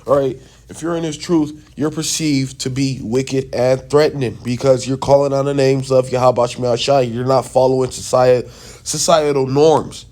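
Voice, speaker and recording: A man's voice: mid-range voice, fairly even intonation, normal speed, a little mellow. Man in a middle voice, loose sit-down teaching, checks in with the listener often, runs heated and scornful. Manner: talks loosely, checks in with "right?" and "okay?". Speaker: religious teacher.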